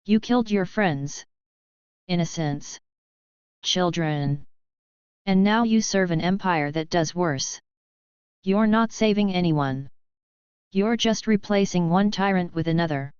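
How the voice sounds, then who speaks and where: A woman's voice: lowish voice, slow pace, pauses often, darkish tone, smooth, no room sound. A woman reading a story, voicing a heartbroken young woman who pleads tearfully with her husband, on a dull lo-fi recording. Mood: bitter.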